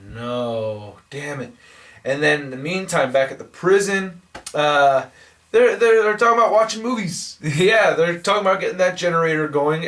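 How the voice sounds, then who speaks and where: A man casually reviewing a comic book, rambling and profane, talking in an excitable, loose way. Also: a little high, distant mic.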